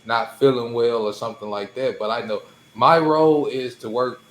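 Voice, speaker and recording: A man's voice: mid-range voice, steady tone, normal speed, reverberant, slight background noise, poor audio. A man co-hosting a podcast in casual chat, speaking modestly and calling his own voice weak. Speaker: podcast co-host.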